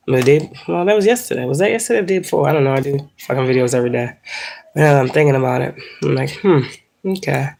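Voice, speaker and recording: Brief: congested woman in her 30s, low voice, rambling, swearing and laughing on a phone livestream. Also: fast talker, gravelly, darkish tone, slight background noise. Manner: rambling, profane, laughs often. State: congested from allergies. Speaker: spiritual livestreamer. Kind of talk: casual livestream chat.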